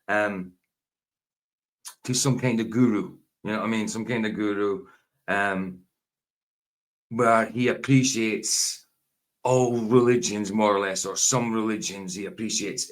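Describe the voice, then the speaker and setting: A man in his forties, hosting a casual late-night reaction video in a rambling, self-correcting, chatty way. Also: on the low side. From Scotland. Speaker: YouTube reaction host.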